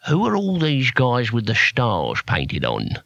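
A cool old barbarian speaks in short, calm phrases that carry a quiet menace, as a man voices him in a storybook reading. The voice is bright and dry, with a lively rise and fall. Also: mid-range voice, slow, vocal fry, no echo, dull audio, exaggerated voice. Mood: laconic. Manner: calm, laconic.

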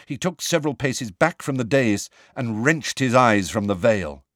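A man narrating a storybook in a hushed, suspenseful way. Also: medium pitch, expressive, normal speed, dry recording, clean studio sound. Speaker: audiobook narrator.

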